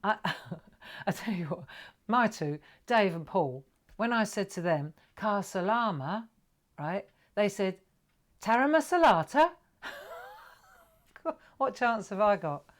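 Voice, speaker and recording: A middle-aged woman hosting a live craft stream, chatting warmly with viewers, greeting them brightly and sometimes dropping to a whisper. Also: mid-range voice, lively intonation, a little slow. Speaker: craft livestream host.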